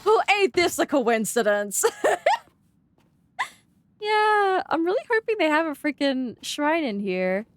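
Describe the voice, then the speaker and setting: Bubbly high-voiced Australian woman streamer. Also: dry recording. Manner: bubbly, excitable, gasps and squeals when greeting viewers. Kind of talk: live gaming stream chat.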